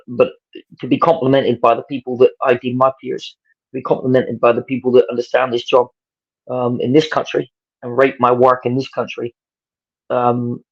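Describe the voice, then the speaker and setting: A man's voice: medium pitch, highs cut off. A man from England with an English accent, telling stories as a guest, animatedly acting out the people he quotes. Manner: animated storyteller who acts out quotes. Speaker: wrestling promoter and guest. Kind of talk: casual storytelling interview.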